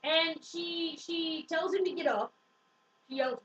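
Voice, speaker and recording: Talking at a normal speed in a high voice, a young woman gives a casual book recap. She swears freely, uses "like" constantly, and acts out quotes, recorded from a distant mic in a dull, echoey room.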